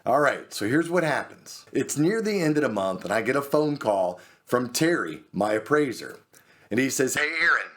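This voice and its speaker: A man hosting a show, telling a true personal story in a lively way and acting out the voices of the people in it. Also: mid-range voice, moderate pace. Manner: animated, acts out the people in his story. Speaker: host. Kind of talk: storytelling monologue.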